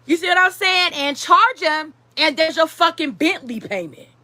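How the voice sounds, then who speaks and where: A woman vlogger giving loud, profane, laugh-filled casual commentary. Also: very high voice, animated, normal speed, no room sound.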